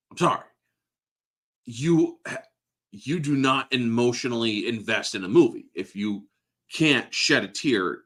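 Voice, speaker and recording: A lowish, pushed, bright voice belongs to a thirtysomething podcast host reviewing a movie in casual chat. He's emotional, curses freely, and laughs often.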